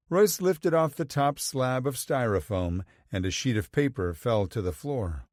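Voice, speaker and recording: A man reading a romance story aloud in an even, measured way. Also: medium pitch, dry recording, studio quality. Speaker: audiobook narrator. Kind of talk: scripted narration.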